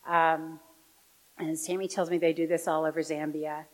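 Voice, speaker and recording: A woman giving a parish talk about her volunteer work as an audiologist. She tells her story with animation and drops soft and quiet for the serious moments. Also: deep voice, little pitch movement, moderate pace, rough recording.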